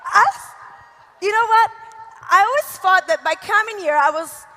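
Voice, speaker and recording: A woman with an Italian accent giving an animated, gushing motivational talk from a convention stage. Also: very high voice, normal speed, slight background noise. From Italy. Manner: animated, gushing, lots of laughs. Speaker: conference speaker. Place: large convention hall. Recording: echoey hall reverb.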